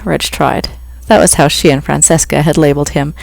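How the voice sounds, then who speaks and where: An author reading a novel aloud, with steady, even narration. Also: medium pitch, brisk, creaky, no room sound. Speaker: author reading own book. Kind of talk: audiobook reading.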